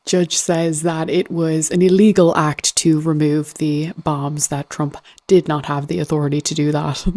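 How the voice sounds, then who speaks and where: A woman hosting a casual comedy commentary, sardonic and amused, who laughs often. Her voice is low and mellow. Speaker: host.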